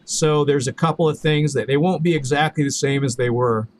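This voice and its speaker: A man's voice: fairly high pitch, steady tone, brisk. A man streaming a video game, chatting casually with viewers and repeating himself as he rambles. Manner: rambling, repeats words and restarts often. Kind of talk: casual live-stream chat while gaming.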